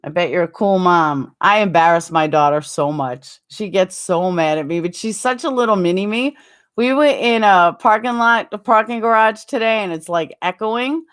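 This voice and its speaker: A middle-aged woman hosting a casual live-stream chat, rambling and animated, answering viewers with frequent ums and quick asides. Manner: animated, jumps higher when acting out quotes.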